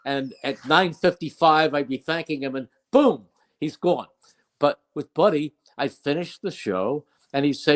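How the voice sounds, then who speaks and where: A man's voice: fairly high pitch, measured pace. An older man, a veteran broadcaster, telling fond anecdotes in an interview with emphatic, storytelling delivery. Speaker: play-by-play broadcaster.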